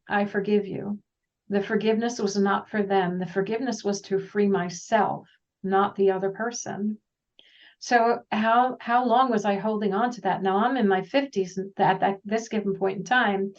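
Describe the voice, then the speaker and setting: A woman guest telling her story in a casual, rambling, animated way, often acting out the dialogue she quotes. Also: medium pitch, moderate pace. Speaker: guest, intuitive practitioner. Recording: distant, dull lo-fi sound.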